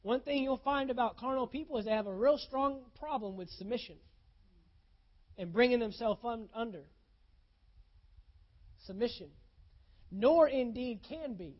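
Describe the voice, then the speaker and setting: A pastor preaching a sermon in a casual, folksy way, swinging from loud emphasis to hushed lines and firing off rhetorical questions. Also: mid-range voice, muffled recording.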